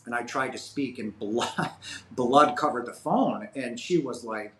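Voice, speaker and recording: A man's voice: medium pitch, a little slow, a bit bright, a little hiss or hum. A man in his fifties, a guest telling a personal story in an interview, earnest and rambling with many fillers. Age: 50s. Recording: roomy echo.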